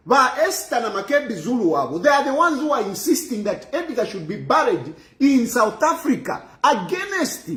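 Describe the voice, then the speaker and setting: A man's voice: extremely high pitch, fairly bright tone, echoey room. Guy ranting about politics, repeats himself a lot, voice jumps all over. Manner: emphatic, repetitive, mixes English with local phrases. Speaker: political commentator. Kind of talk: animated political commentary.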